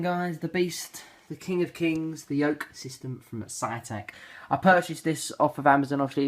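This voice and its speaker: A young man from England talks his way through an unboxing, self-deprecating and full of ums and uhs. His voice sits at a middling pitch. The home camera audio is noisy, with packaging crinkling and clicking behind him. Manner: rambling, self-deprecating, lots of fillers. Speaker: unboxing vlogger. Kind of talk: casual unboxing commentary. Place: home bedroom. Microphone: handheld camera mic.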